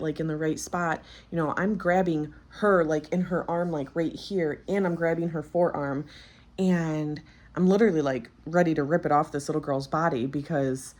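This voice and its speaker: Vlogger, woman in her 30s, low voice, candid and chatty, fresh from childbirth. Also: a little mellow. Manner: candid, chatty, frequent fillers. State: recently postpartum. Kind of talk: casual storytelling.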